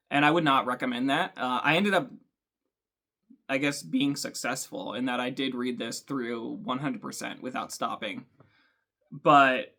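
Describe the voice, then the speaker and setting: A man hosting a book channel, talking thoughtfully to camera with frequent ums and pauses. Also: medium pitch, pushed and bright. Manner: thoughtful, hesitant, many ums. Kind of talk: casual talk to camera.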